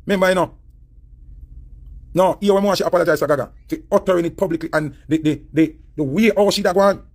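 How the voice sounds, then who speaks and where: A man's voice: sits high, fast, a little mellow. A man with a Jamaican accent giving heated, preachy commentary, repeating his points as he rants. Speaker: online commentator. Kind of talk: ranting commentary.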